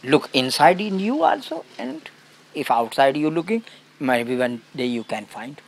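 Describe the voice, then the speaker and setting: A man as a spiritual teacher, giving a satsang talk and telling a story in simple, broken English with short, halting phrases. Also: medium pitch, very animated, vocal fry.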